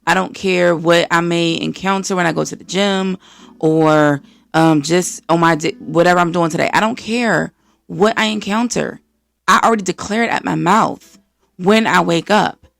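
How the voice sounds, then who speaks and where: An American woman from the East Coast hosting a podcast, giving an energetic, preachy faith-based motivational talk and acting out voices of the people she quotes. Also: fairly low pitch, normal speed, gravelly, no echo. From East Coast of the United States. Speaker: podcast host.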